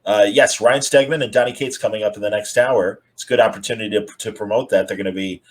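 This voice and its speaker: A man's voice: on the low side, steady tone, fast, poor audio. A man hosting a casual video-call interview, rambling with many fillers. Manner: friendly, rambling, lots of fillers. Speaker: host.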